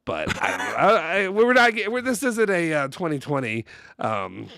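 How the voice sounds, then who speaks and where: A man's voice: fairly high pitch, wildly swooping pitch, normal speed, gravelly, sharp tone, no echo, clean studio sound. A man from Kentucky co-hosting a casual football chat podcast from his home basement, rambling with lots of fillers and restarts, drifting into tangents. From Louisville, Kentucky. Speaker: podcast co-host.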